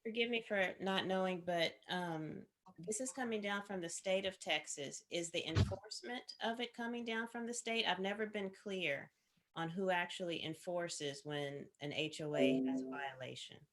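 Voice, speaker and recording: A woman's voice: lowish voice, normal speed. A woman in a meeting who asks a question politely and apologetically. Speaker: agent asking a question.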